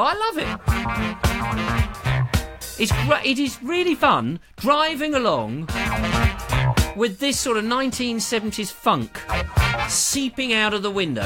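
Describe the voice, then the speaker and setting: A man hosting a live online show on a lapel mic, chatting in a jokey, rambling, self-deprecating way. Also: fairly high pitch. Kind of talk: casual rambling live-stream chat.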